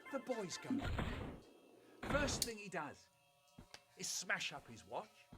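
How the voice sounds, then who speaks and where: Storyteller, animated reading of a children's tale, very expressive pitch, loud music behind. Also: takes it slowly. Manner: animated, voices the family. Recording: loud music over the recording.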